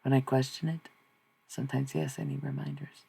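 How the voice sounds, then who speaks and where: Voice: medium pitch, level tone, fairly quick, creaky, mellow, breathy edge. A live streamer rambling through spiritual musings, repeating questions and swearing casually. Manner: repetitive, searching, swears casually.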